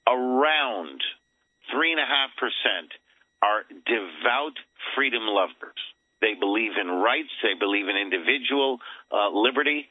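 A man's voice: mid-range voice, dry recording. A man calling in as a guest on a talk radio interview, lecturing emphatically and dropping "okay" between points. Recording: tinny phone line.

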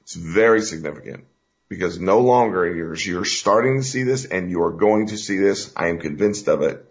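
A man's voice: deep voice, normal speed. A man hosting a talk radio show, talking in an emphatic, folksy, rambling way with fillers. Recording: dull lo-fi radio recording.

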